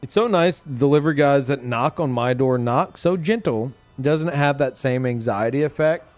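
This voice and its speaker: A man streaming a game, ranting in casual commentary, excitable and swearing, laughing as he talks. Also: medium pitch, normal speed, faint music behind.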